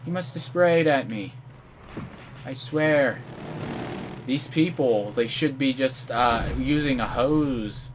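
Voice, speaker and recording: A young man giving live gameplay commentary, trash-talking opponents with playful mock threats and sudden outraged yells. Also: medium pitch, slow, long pauses, noisy background. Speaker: gamer commentator.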